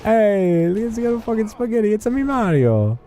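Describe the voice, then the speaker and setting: A man doing a high, cartoonish impression of a cheerful plumber with an exaggerated accent. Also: sing-song, normal speed, dark tone, soft background music. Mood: excitable. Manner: exaggerated put-on accent, exclamatory.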